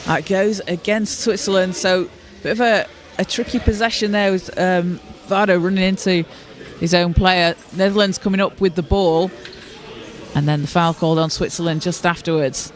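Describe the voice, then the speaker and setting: Man, high voice, live sports commentator, courtside, steady informative delivery. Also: moderate pace, a little hiss or hum. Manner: steady, informative, with occasional restarts. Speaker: play-by-play commentator. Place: courtside at a basketball arena.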